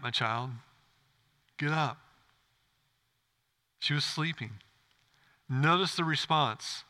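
A man's voice: fairly high pitch, sharp tone. A man pastor preaching a sermon in a church, earnest and direct, often asking the congregation questions.

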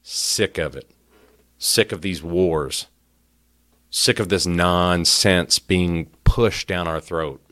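Male podcast host, lowish voice, angry rant, stammering repeats. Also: takes it slowly, pushed and bright. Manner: heated, repetitive, stammers when worked up. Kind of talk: opinion rant.

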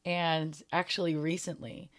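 Young woman podcaster, low voice, earnest and heartfelt, just talking solo about her year. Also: little pitch movement, measured pace. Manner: earnest and heartfelt, a little emotional at times. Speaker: podcast host. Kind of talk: reflective solo podcast talk.

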